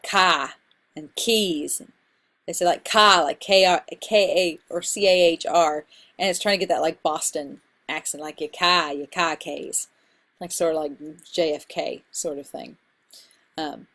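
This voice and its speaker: Woman instructor, upbeat chatty lecture delivery, mid-pitched everyday voice. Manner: chatty, enthusiastic about terms. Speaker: college instructor. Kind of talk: recorded slide lecture.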